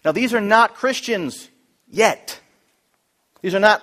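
A man with a fairly high-pitched voice preaching a sermon. He works through a passage verse by verse, delivering it emphatically and repeating his key phrases. At times he grows louder to drive a point home. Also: very animated, normal speed, pauses often. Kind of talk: expository sermon.

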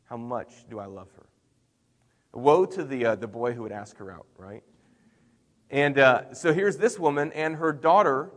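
A middle-aged man preaching a sermon in a conversational way, with emphatic swings in loudness. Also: mid-range voice, unhurried, big-room sound. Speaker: pastor.

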